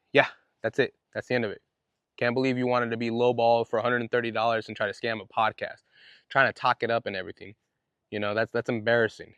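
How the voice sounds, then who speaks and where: A man's voice: medium pitch, a bit bright, smooth, no room sound. A man hosting his own podcast, telling a story in an indignant, fired-up way with casual slang. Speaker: podcast host. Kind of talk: solo podcast monologue.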